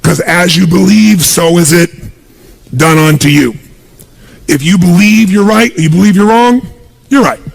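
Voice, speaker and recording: A man delivering a motivational seminar in a gravelly, raspy voice that sits a little high for a man. He speaks with emphatic punch. He keeps throwing quick questions at the crowd for them to answer. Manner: emphatic, punchy, quizzes the audience with call-and-response questions. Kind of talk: live motivational seminar speech.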